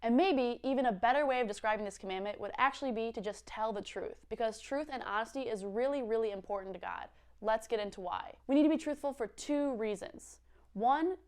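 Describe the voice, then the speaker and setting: A young woman with a slightly high voice teaches a Bible lesson on video. She is chatty and bubbly, and she giggles easily as she talks to the viewers. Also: darkish tone, smooth.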